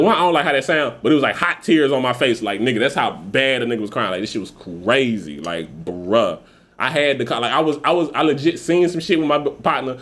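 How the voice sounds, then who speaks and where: A man's voice: medium pitch, a bit bright. A man in his thirties hosting a podcast, talking casually with heavy profanity and rambling, laughing tangents. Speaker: podcast host. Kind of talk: casual venting monologue.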